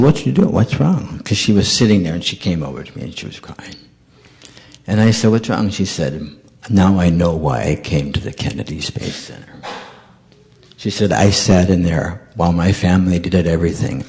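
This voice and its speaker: A man with a low voice tells stories to a congregation, his pitch leaping about as he acts out each person he quotes. His speech swings widely and expressively from line to line. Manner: animated storyteller acting out dialogue. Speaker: monk giving a talk. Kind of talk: storytelling sermon.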